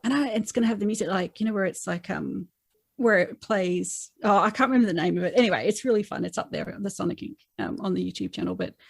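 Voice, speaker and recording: A woman's voice: medium pitch, quick pace, vocal fry, breathy edge, dry recording. An Australian woman, a guest author, chatting casually in an interview and acting out quoted lines as she tells stories. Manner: chatty storyteller who acts out quoted lines.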